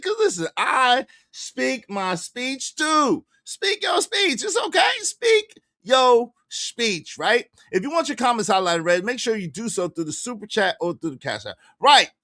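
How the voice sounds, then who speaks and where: Animated New podcast host. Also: male voice, very high voice, dry recording, clean studio sound. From New York. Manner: animated, repetitive, calls out critics. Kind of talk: livestream podcast rant.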